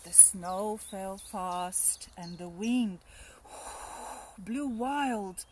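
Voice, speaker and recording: A woman teacher reading a rhyming picture book aloud with expressive, rhythmic storytelling. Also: mid-range voice, very slow, a little hiss or hum.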